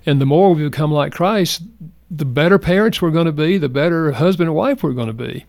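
An older man telling a personal story as a guest in a radio interview, speaking earnestly and reflectively, going soft at the tender parts. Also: on the high side, fairly quick, gravelly, no echo, studio quality. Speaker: guest, marriage counselor.

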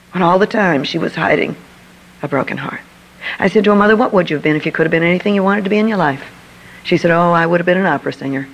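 A woman's voice: fairly low pitch, slight background noise, rough recording. An older woman giving an inspirational talk, telling a personal story and acting out the dialogue vividly. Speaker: inspirational speaker.

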